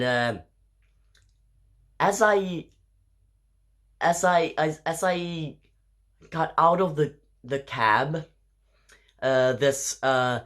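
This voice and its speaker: A man's voice: medium pitch, a bit bright. A tipsy man telling a rambling story at home late at night, coughing now and then and restarting his sentences. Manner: rambling, with filler words and restarts. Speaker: drag performer vlogging. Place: home, indoors.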